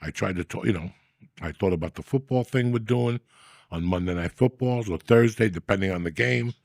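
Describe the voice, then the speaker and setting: A middle-aged man hosting a podcast, talking in a rambling, profane, mock-gruff comic style. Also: on the low side, fairly quick, dry recording, clean studio sound. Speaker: podcast host. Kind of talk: casual comedic rant.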